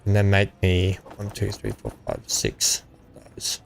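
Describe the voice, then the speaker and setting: Over music, a low-pitched Australian gaming host talks through his gameplay, very animated yet measured in pace, with a creaky voice. His casual chatter is enthusiastic and frequently rambles.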